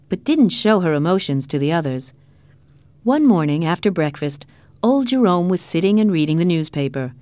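A woman reading a story aloud in a clear, measured way. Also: lowish voice, darkish tone, no echo. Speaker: narrator. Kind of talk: scripted storybook narration.

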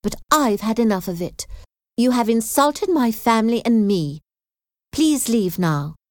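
A woman's voice: medium pitch, unhurried, dark tone, dry recording, clean studio sound, pitched above the performer's own voice, natural voice. A woman reading aloud voices a spirited young woman who speaks earnestly and firmly. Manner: firm, earnest.

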